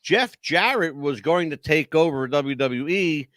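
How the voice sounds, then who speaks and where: A man's voice: unhurried, dry recording. A man co-hosting a podcast, chatting casually and emphatically in a rambling way. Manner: rambling, emphatic storyteller with lively pitch. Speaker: podcast co-host. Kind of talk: casual wrestling talk.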